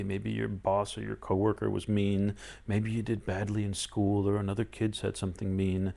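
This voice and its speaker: A man's voice: mid-range voice, creaky. A man speaking firmly and earnestly to a live online audience as a spiritual teacher, acting out people's inner voices with rising emphasis.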